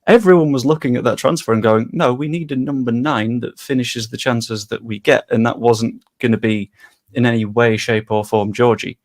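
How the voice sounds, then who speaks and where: A man chats casually on a football podcast. He rambles and doubles back mid-thought. His voice sits at an ordinary pitch. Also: fairly even intonation, normal speed. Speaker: podcast co-host.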